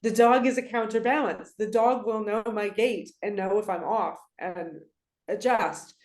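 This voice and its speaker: A woman in her forties speaks as a podcast guest at a mid-range pitch. She tells her stories with lively, casual energy and acts out the people she quotes. Her voice carries a noticeable roomy echo. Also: unhurried. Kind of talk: casual conversational interview.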